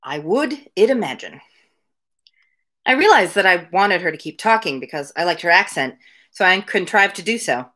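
A woman's voice: lowish voice, big pitch swings, moderate pace, pushed and bright. Woman reading a novel aloud on a livestream. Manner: chatty asides to viewers between passages. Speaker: reader of a daily livestreamed book reading. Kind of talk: read-aloud livestream narration. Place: home room with window blinds.

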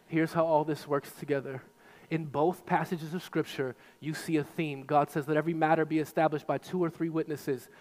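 Pastor, male, high-pitched, forceful repetitive preaching, long church-hall reverb. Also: little pitch movement, a little fast. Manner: emphatic preaching with repetition, rising to shouts. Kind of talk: sermon.

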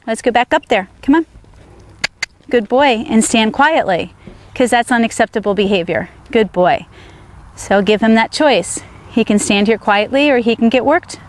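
Horse trainer lady out riding, firm but coaxing, kinda high voice, faint outdoor noise. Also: normal speed. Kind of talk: riding demonstration, talking to horse and viewers.

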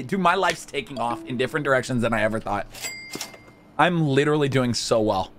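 A man hosting a casual let's-play video, excitable and jokey, chatting to the game's characters as he plays. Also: mid-range voice, a little fast, background noise. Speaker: gaming video host.

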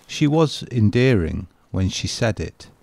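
A man narrating a personal memory in a slow, measured, wistful way for a home renovation vlog. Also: lowish voice, big pitch swings, gravelly, a little mellow.

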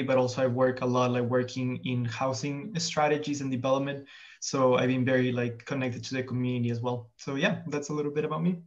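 A man's voice: medium pitch, highs cut off. A young man student about to graduate, introducing himself casually with many fillers. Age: young adult. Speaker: graduating student staff member. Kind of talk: self-introduction on a panel.

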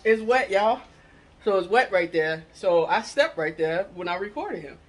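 A mom vlogger films a family vlog at home, chatting casually and laughing a lot while she cooks in her kitchen. Her mid-range voice is expressive and moderately paced.

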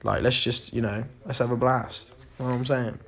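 A man's voice: mid-range voice, little pitch movement, a little fast, vocal fry, a bit bright. A young man hosting a casual livestream, chatty and slangy, thanking viewers by name in an indoor room. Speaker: livestream host.

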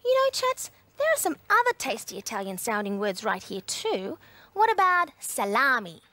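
A woman's voice: a little high, big pitch swings, normal speed, pushed and bright, no room sound. A woman hosting a children's show in a cheerful, encouraging, sing-song manner. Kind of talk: children's TV presenting.

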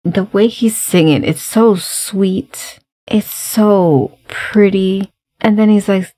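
A young adult woman giving casual reaction commentary on a music video, blunt and animated, swearing freely. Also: mid-range voice, slow. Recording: faint music behind her voice.

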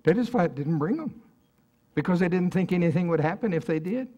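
A man's voice: high voice, expressive, a little fast, mellow. A man preaching a sermon at a church service in a conversational way, often asking the congregation questions.

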